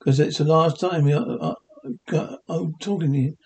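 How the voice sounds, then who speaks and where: Gruff blustering caveman, 1960s cartoon, loud, rather high voice. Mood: huffy. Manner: gruff, blustering, quick to anger. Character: loud blustery stone-age working man.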